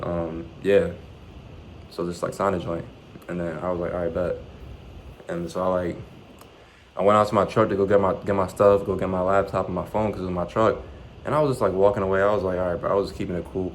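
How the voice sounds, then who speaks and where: A young man casually telling a story to the camera, animated and profane, full of slang and fillers, with faint noise behind him. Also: low-pitched, fairly quick, low-quality recording. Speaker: vlogger.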